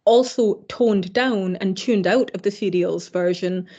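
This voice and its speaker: A woman's voice: medium pitch, measured pace, mellow. A woman giving an academic keynote lecture, hesitant with fillers and self-corrections, with dry wry asides. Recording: slightly dull lo-fi recording.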